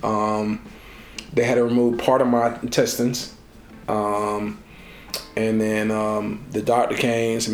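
A man being interviewed, telling a personal story in a lively way and acting out the voices of the people in it. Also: on the low side, unhurried, long pauses, soft background music. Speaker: interview guest. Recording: echoey room.

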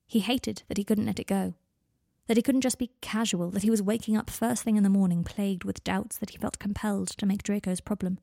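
A woman calmly reading a romance story aloud as its narrator. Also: mid-range voice, fairly quick, gravelly, dry recording, studio quality. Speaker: fan fiction reader.

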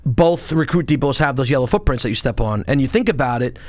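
A man in casual podcast talk, telling profane, animated stories of his past and acting out shouts along the way. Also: mid-range voice, quick pace, no echo, studio quality. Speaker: podcast guest, former Marine and police officer. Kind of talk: casual storytelling.

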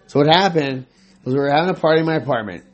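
A man's voice: on the high side, racing, highs cut off, faint music behind. Laughing, swearing man telling a story. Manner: laughing, swearing, acts out quotes. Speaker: podcast co-host. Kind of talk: casual storytelling.

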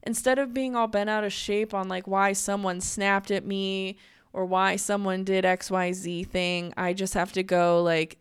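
A woman's voice: medium pitch, little pitch movement, measured pace, clear, resonant tone. A young woman in a casual, candid monologue, chatty and full of "like" fillers. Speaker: podcast host.

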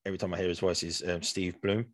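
A man's voice: low-pitched, flat delivery, fast talker, no echo. A man co-hosting a podcast, chatting casually and rambling with many restarts. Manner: rambling, restarts often, says "man" a lot. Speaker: podcast co-host. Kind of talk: casual chat.

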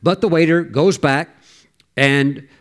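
A man's voice: a little high, takes it slowly. Man preaching with exclamations. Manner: storytelling, exclamatory, calls for amen. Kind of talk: sermon.

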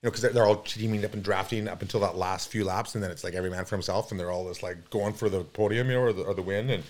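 Animated storytelling man in his fifties. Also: lowish voice, rapid-fire. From Canada. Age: 50s. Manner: animated, rambling, many fillers. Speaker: podcast guest, pro mountain biker. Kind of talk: casual storytelling.

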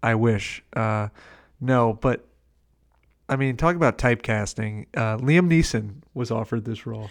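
A man's voice: mid-range voice, a little slow. A man chatting casually about a movie on a podcast, dryly recounting scenes and quoting lines. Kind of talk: casual movie review chat.

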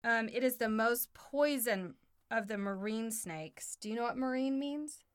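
A woman's voice: fairly high pitch, measured pace, smooth. A woman co-hosting a home podcast with her child, chatting casually and asking simple questions to draw him out. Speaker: podcast co-host and mother. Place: playroom at home.

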